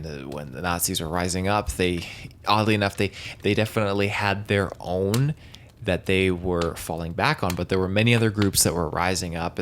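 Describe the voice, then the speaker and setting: A man's voice: low voice, a bit bright, slight background noise. A man hosting a solo podcast, talking casually in a rambling way with frequent restarts. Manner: rambling, with restarts and hedging words. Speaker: podcast host.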